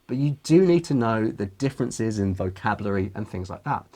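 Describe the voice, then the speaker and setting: Man with a lower voice, teaching casually. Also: expressive, fairly quick, a little mellow. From London, England. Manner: chatty, explains with examples. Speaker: IELTS teacher, co-host. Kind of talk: casual lesson and mock speaking answer.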